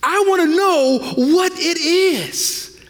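A man preaching a sermon as pastor, swinging between loud passionate stretches and hushed, drawn-out lines. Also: extremely high pitch. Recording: long reverb of a large hall.

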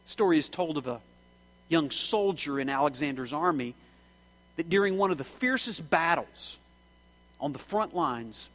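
Impassioned preacher, fairly high voice. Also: male voice, lively intonation, unhurried, poor audio. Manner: impassioned, swings from shouting to hushed. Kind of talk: sermon.

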